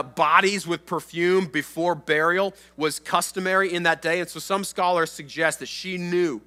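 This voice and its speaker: A man's voice: high-pitched, bright, forceful tone. A man preaching a sermon as a pastor, conversational and emphatic, often checking in with the listeners. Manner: conversational, emphatic, asks the crowd "right?" and "okay?".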